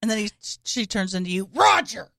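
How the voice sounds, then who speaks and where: A woman's voice: medium pitch, expressive, normal speed, a bit bright, dry recording, clean studio sound. A woman co-hosting a podcast, chatting casually with wry, laughing asides. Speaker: podcast co-host. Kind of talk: casual chat.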